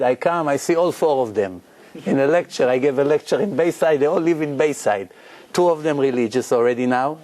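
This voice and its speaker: A man, a rabbi, telling a story in a conversational lecture, animated, with some broken English. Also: a little high. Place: synagogue.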